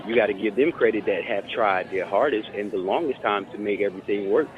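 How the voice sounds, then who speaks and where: A man's voice: on the low side, fairly quick. Reflective man hosting, muffled lo-fi. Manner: reflective, repeats words while thinking. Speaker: podcast host. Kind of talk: casual chat. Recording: muffled lo-fi audio with faint music.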